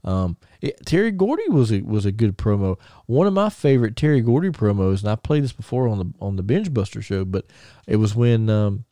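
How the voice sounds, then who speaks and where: Brief: man, podcast host, warm low voice, rambling excited storyteller. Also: brisk, dry recording, clean studio sound. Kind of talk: casual chat.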